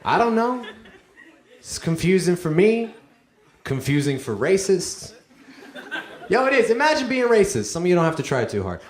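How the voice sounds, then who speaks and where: A man from Romania performing a stand-up comedy set on a club stage, mostly deadpan with sudden loud high-pitched outbursts. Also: normal speed, long pauses. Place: comedy club with live audience. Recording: echoey club with audience laughter.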